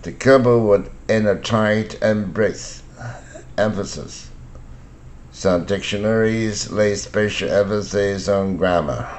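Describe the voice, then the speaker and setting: An older Taiwanese man, a native Mandarin speaker who teaches English pronunciation, reads vocabulary words and example sentences. He goes slowly and deliberately, word by word, in a lowish voice.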